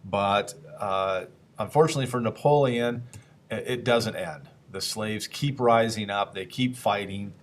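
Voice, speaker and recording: A man's voice: on the low side, measured pace. A man teaching a history lesson in a casual, conversational way, asking the class questions and briefly acting out historical figures.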